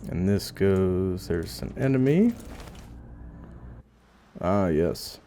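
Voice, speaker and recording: A man's voice: deep voice, expressive, very slow, warm tone, slight background noise. A man casually commentating as he plays a video game, musing aloud with dry asides. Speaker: gameplay commentator. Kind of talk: casual let's play commentary.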